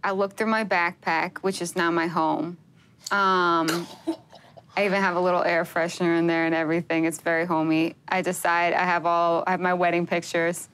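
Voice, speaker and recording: A woman's voice: lowish voice, a bit bright, smooth. A woman playing a tabletop game, casual and amused as she describes her moves. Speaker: player.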